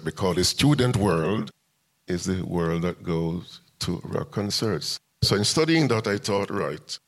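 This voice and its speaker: An older man with a very low, deep voice talks as an interview guest. He tells a long story step by step and acts out what people said along the way. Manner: recounts events step by step, acting out quoted dialogue. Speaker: music promoter and interview guest.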